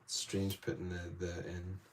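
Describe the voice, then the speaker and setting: A man with a fairly low voice runs a live painting demo from an indoor studio. He talks through each step quietly, as if thinking aloud. His voice lifts when he greets viewers and answers their questions. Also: monotone, unhurried. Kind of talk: live-stream demo, talking to chat.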